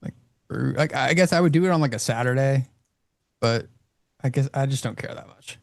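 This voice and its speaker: A man's voice: medium pitch, fairly quick, gravelly, dry recording, studio quality. A man in a casual live trading-show chat, blunt and laid-back.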